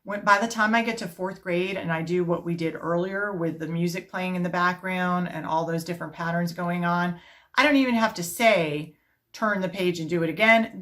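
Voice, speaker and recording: A middle-aged woman, an elementary music teacher, explaining her classroom routine step by step and chanting rhythm syllables to a steady beat. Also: lowish voice. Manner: explains step by step in a calm, practical way. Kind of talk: teaching video demonstration.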